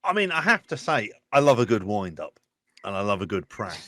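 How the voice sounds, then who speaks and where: A man from London with a Cockney accent, co-hosting a podcast in jokey, animated banter. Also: fairly low pitch, brisk, no echo. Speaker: podcast co-host. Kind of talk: casual chat.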